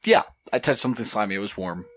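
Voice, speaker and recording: A young man telling a story as a podcast guest, with lots of ums and pauses. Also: fairly low pitch, animated, no echo. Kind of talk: casual podcast chat.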